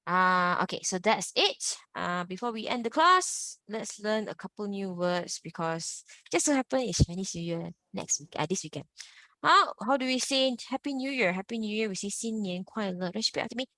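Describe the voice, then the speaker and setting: A woman's voice: medium pitch, animated, moderate pace, bright, forceful tone, dry recording. A young woman teaching a Mandarin lesson, patiently drilling sounds and tagging her sentences with "ah" and "lah". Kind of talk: online language lesson.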